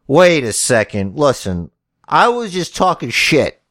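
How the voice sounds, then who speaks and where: A man playing a brash, cocky veteran male wrestler who talks loud and boastful, casually recorded on a podcast. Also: on the high side, very animated, unhurried, no echo, clean studio sound. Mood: backpedaling.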